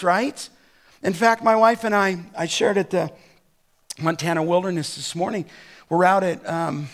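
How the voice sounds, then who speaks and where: A middle-aged man preaching a sermon as a pastor, slowing down to stress scripture and rising to near-shouts on key points. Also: sits high.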